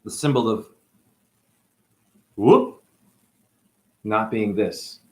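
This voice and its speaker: A man's voice: on the low side, drawn-out words. A man acting as a spiritual teacher, talking through a rambling monologue with free-associating wordplay and musing asides.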